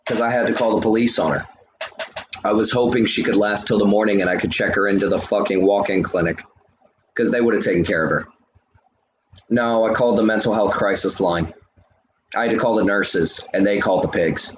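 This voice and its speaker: A man's voice: lowish voice, fairly quick, roomy sound, a little hiss or hum. A man livestreaming, ranting at his chat in a heated, profane, lecturing way while smoking a cigarette. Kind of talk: live stream rant to chat.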